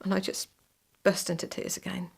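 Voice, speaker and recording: A woman's voice: medium pitch, completely flat delivery, moderate pace, vocal fry, slightly rough. A woman recounting her own story in an interview, vividly quoting what was said. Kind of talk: interview recollection.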